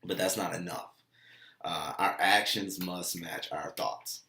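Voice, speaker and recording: A man speaks in a casual motivational monologue, his low voice rough with gravel. He talks earnestly, circles back over his points and acts out little bits of dialogue. The sound is roomy and echoey. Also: fairly even intonation, measured pace, bright, forceful tone. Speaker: motivational vlogger and dog trainer.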